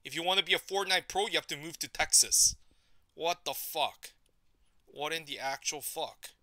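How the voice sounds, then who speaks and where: A man's voice: fairly high pitch, moderate pace, sharp tone, dry recording. A young man streaming gameplay, ranting in frustration and swearing a lot. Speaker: gaming streamer. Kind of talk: live gameplay commentary.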